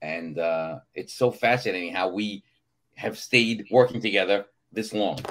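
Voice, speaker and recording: This guest actor, a middle-aged man with a New York accent, tells stories unhurriedly in a voice on the low side. During the casual podcast conversation, he animates his anecdotes by doing the voices of those involved.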